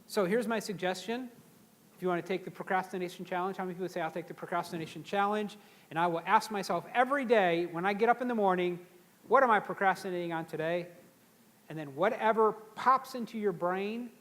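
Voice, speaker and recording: A seminar speaker gives a live motivational talk in a high-pitched voice at a brisk pace, energetic and conversational as he gets the crowd to repeat words after him.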